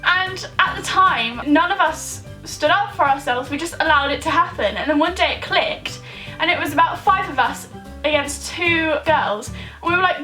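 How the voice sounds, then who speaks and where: A woman's voice: high voice, normal speed, sharp tone, faint music behind, rough recording. A young woman chatting casually in a vlog, reading out viewers' questions and answering them in an upbeat way. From United Kingdom.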